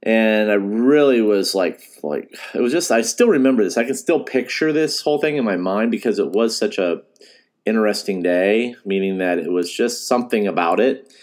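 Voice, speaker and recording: A man's voice: on the low side, lively intonation, normal speed, darkish tone. A middle-aged man, a fishing guide, telling a personal story in a casual, rambling way, with restarts and laughs. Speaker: fishing guide and podcast host.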